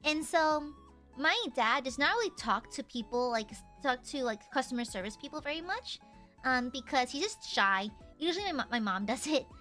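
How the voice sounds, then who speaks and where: High, bright-voiced chatty woman streamer. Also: lively intonation, normal speed, soft background music. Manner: chatty and giggly, rambling with fillers. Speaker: livestreamer. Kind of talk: casual chat with viewers.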